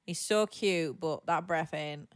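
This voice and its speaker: A woman co-hosting a podcast in casual chat, playful and excitable, joking and gasping. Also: low voice, slow, clean tone. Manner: playful and excitable, gasps, jokes, sudden squeals. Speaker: podcast co-host.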